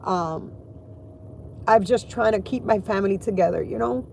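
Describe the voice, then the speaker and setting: A woman's voice: mid-range voice, moderate pace, vocal fry, a little mellow, a little hiss or hum. A woman in her forties talking candidly and emotionally in a casual vlog from inside her car, swearing freely. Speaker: vlogger.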